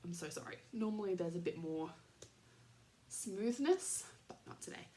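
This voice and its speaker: Aussie woman rambling on her podcast, lowish voice, lots of ums and giggles. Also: lively intonation, moderate pace, dark tone, a little hiss or hum. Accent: Australian. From Australia. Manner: rambling, chatty, many fillers and laughs. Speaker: podcast host. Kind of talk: casual chat.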